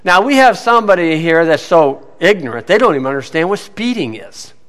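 Bright, high-voiced man preaching in a hall. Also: big pitch swings, brisk. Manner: storytelling, keeps saying "you see"; drops to a low mutter when telling stories. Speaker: preacher teaching on scripture and law. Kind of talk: folksy teaching sermon. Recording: hall with long reverb.

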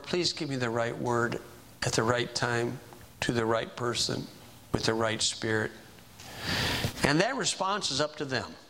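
Bright-voiced folksy male preacher. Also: medium pitch, slight background noise. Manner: folksy, conversational preaching with asides. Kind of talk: sermon.

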